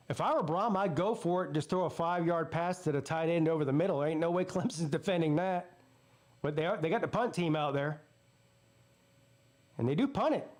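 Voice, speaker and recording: A man hosting a live football watch party, giving blunt, profane play-by-play between fired-up rants. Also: a little high. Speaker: sports channel host.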